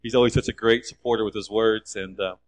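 A man's voice: lowish voice, fairly even intonation, quick pace. A male pastor giving a chatty, joking sermon to his congregation.

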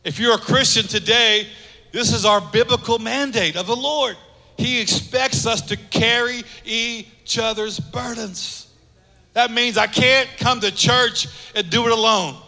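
A man pastor preaching a sermon, earnest, repeating phrases for emphasis and dropping soft on key lines. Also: extremely high pitch, measured pace, big-room sound.

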